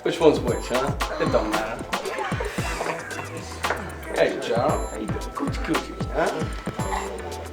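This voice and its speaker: A man's voice: mid-range voice, big pitch swings, slow pace, pauses often, reverberant, over loud music. An actor playing a sleazy man who leers and drawls come-ons at the women in line. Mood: leering.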